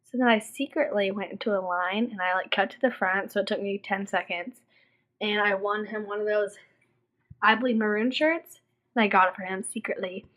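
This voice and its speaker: A woman's voice: mid-range voice, normal speed. A young woman from Texas telling stories animatedly in a casual video diary, saying "like" often. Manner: animated storytelling, heavy use of "like". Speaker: vlogger.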